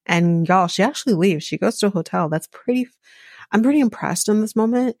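A woman's voice: medium pitch, animated, fairly quick, a little mellow, no room sound, clean studio sound. A woman from Jamaica hosting a podcast, giving blunt, sarcastic casual commentary and swearing freely. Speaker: podcast host recapping a reality show.

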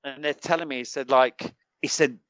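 A middle-aged UK man, formerly a soldier, relates a long anecdote colloquially on a podcast, acting out the other figures' words. He speaks at normal speed in a steady, medium-pitched, slightly bright voice, recorded dry, slightly dull, and without echo.

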